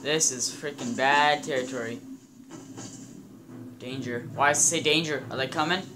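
A young man casually commenting on his game, excitable and swearing, talking to his in-game companions. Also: mid-range voice, moderate pace. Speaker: gameplay commentator. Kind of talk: casual let's-play commentary. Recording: game music loud behind voice.

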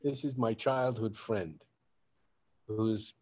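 With a husky, lowish voice, a man hosting a podcast takes his time telling a story. He swears a lot in a casual way and animatedly plays out both sides of the exchange, voicing quoted lines louder.

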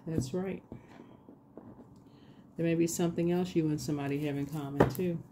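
A woman giving a casual tarot reading, reading affirmations slowly and repeating phrases in a soothing way. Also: deep voice, steady tone, heavy background noise. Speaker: tarot reader.

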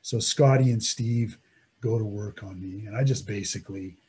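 A man vividly recounting his own mountain ordeal in dramatic first-person storytelling, swinging between loud emphasis and hushed tones. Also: on the low side, normal speed, breathy edge.

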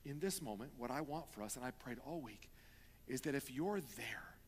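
A man preaching a sermon as pastor, moving from hushed talk to loud pleading. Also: medium pitch, expressive, moderate pace. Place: church sanctuary. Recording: long reverb of a church hall.

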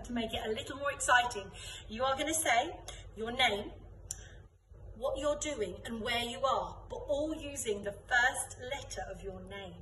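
A woman's voice: a little high, slight background noise. Upbeat young woman teacher in echoey studio. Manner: upbeat, calls out game commands loudly. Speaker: drama and dance teacher. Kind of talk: leading an online children's class. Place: dance studio room. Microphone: camera from a distance. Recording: echoey room, voice from far off.

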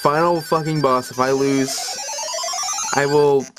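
A young man doing let's-play commentary, joking, rambling and swearing, sometimes bursting into loud excited yells. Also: medium pitch, measured pace, background noise. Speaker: let's player. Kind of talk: video game commentary. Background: game music.

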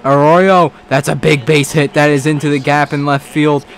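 A man giving casual let's-play commentary on a baseball video game, excitable, swearing and talking back to the game. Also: fairly high pitch, normal speed. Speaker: gaming commentator.

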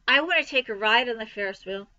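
A woman's voice: fairly high pitch, animated, quick pace, bright, forceful tone, clear, resonant tone. A woman voicing an eager young farm girl who talks in a pleading way, on a dull lo-fi recording.

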